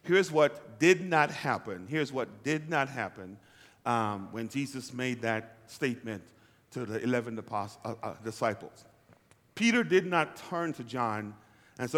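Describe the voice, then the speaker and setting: A man's voice: medium pitch, moderate pace, fairly bright tone, big-room sound. A pastor preaching a sermon to his congregation, calling for responses and repeating lines for emphasis. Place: church hall.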